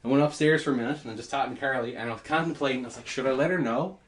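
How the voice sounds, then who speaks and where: Animated, swearing man telling a story. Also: medium pitch, very fast. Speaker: podcast host. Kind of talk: casual storytelling chat.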